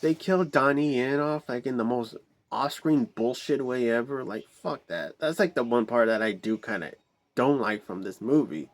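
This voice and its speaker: A man's voice: medium pitch, normal speed. A man giving a casual, rambling movie review, swearing a lot, with many fillers and restarts and exasperated outbursts.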